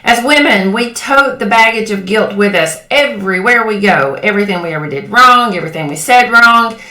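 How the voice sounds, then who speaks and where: A woman gives a motivational talk to women in a bright, forceful voice. She talks directly and keeps checking that her listeners are with her. Her voice rings around a room with a lot of echo. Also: medium pitch, lively intonation, brisk. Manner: direct and coaxing, checks in with "okay?" and "right?". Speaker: women's empowerment coach. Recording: echoey room.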